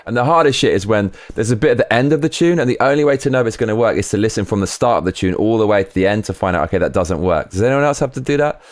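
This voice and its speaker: Lively man chatting while making beats. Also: on the low side, rapid-fire, few pauses. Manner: excitable, laughing, swearing, reading chat aloud. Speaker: streamer making music live. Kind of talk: casual livestream chat.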